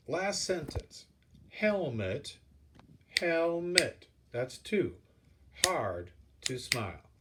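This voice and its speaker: Male teacher, patient and repetitive, unhurried delivery, lots of melody in the voice. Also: fairly high pitch, fairly bright tone, a little hiss or hum. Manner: patient, repeats key points, counts out syllables. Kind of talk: classroom instruction video.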